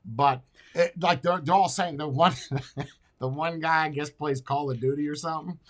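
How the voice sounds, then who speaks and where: A man hosting a podcast in casual chat, talking bluntly and excitably with plenty of swearing. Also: fairly high pitch, normal speed. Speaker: podcast host.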